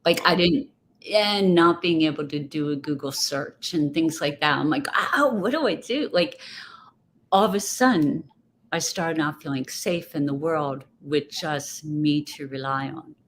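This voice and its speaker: A woman's voice: low-pitched, a little slow. A woman guest speaking in a casual interview, reflective and rambling, often restarting her thoughts. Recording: faint background noise.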